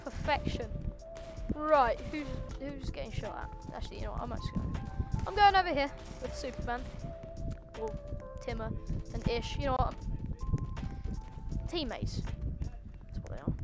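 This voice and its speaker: A woman hosting a gaming channel, giving excitable, playfully cocky commentary while she plays. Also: high voice, moderate pace, pauses often. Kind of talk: live gameplay commentary. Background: loud game music and gunfire.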